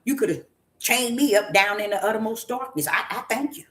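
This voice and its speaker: Satan, as a preaching woman puts him on, quick and grudging. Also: fairly high pitch, lively intonation, lightly acted. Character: Satan, grudging and thankful devil.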